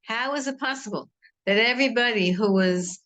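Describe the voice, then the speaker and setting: A woman's voice: fairly high pitch, moderate pace, fairly bright tone. A middle-aged woman teaching a Torah class in an earnest, rambling way, with many restarts. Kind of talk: informal Torah talk.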